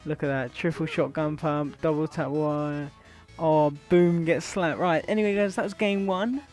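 A young British man hosting a gaming video, talking brashly to his viewers and his opponent. He swears freely, trash-talks, and has a slightly high voice. Faint music plays behind him. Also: steady tone, normal speed, a little mellow. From Britain. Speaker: gaming YouTuber host. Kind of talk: gaming commentary with an online opponent.

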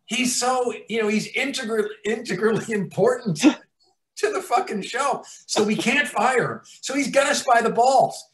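Profane animated male storyteller. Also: very high voice, normal speed. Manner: profane, animated, acts out scenes. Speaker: TV writer-producer guest. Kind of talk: anecdotal storytelling in an interview. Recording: roomy echo.

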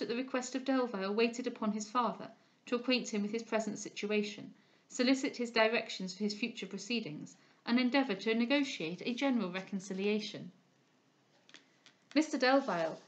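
A woman reads a classic novel aloud in an expressive, measured storytelling voice. Her voice sits fairly high. The recording is muffled and lo-fi. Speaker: audiobook reader.

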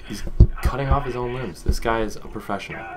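A man's voice: mid-range voice, fast talker, over loud music. A man casually commenting on a video game with friends, sarcastic and jokey. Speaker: gamer playing with friends. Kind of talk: casual let's play chat.

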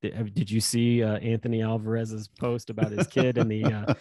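Laughing, animated male podcast co-host. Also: on the low side, brisk, crowd noise. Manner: animated storyteller, laughs often. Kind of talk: casual chat.

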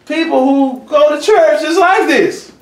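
Animated preaching man, high voice, far off. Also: measured pace. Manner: lively, conversational, animated preaching with laughs. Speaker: church elder teaching a lesson. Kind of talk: preaching a Bible lesson. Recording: roomy echo, from far off the mic.

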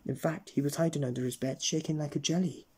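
A man's voice: on the high side, fairly even intonation, quick pace, warm tone, slightly rough. A man reading a children's story aloud in a playful storytelling manner. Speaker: storybook reader.

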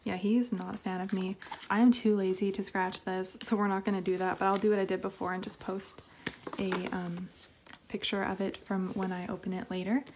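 A young woman talking casually as she unboxes albums at home, quick to get excited and full of fillers. Her voice sits at a middle pitch, and a faint background hiss runs under the recording. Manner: excitable, chatty, frequent laughs and fillers. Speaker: K-pop album haul vlogger.

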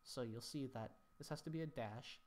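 A man's voice: mid-range voice, normal speed, a little mellow. A man teaching Latin poetry scansion, thinking aloud as he works through each line, with mock-dramatic sighs at the rule-breaking.

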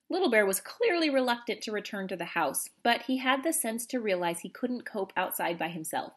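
A woman reading a children's novel aloud in a steady storytelling voice. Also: mid-range voice, brisk, hardly any pauses, slightly rough. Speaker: reader.

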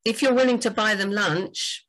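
A woman's voice: medium pitch, normal speed, a bit bright, rough recording. A woman, a book doctor, giving enthusiastic, chatty writing advice on a livestream. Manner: enthusiastic, chatty, frequent fillers.

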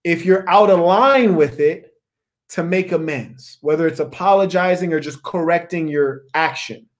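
A podcast host with a slightly high voice and moderate pace leads an opinionated discussion. He speaks emphatically and preachily, repeating key words to give them weight.

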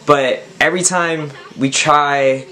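A man's voice: on the high side, fairly even intonation, slow, bright, forceful tone, a little hiss or hum. A man hosting a casual vlog, hyped and jokey, talking in slang while out and about in a car. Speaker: vlogger host.

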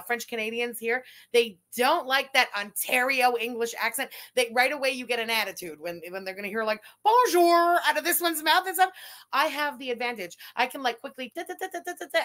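A woman delivers live reaction commentary in a high, bright, forceful voice. She is profane and mocking and breaks into laughter often. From Quebec. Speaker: YouTube commentator.

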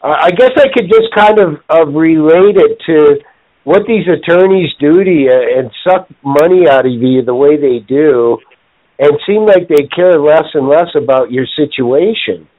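A man, a client, speaking earnestly and haltingly in casual podcast chat. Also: on the high side. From Canada. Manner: earnest, halting, many restarts. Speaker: guest and client. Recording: tinny phone-line audio.

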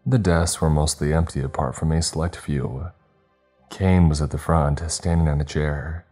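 Really deep dark guy narrating a horror story, husky, faint music behind. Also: steady tone, moderate pace. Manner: voices every character in dialogue.

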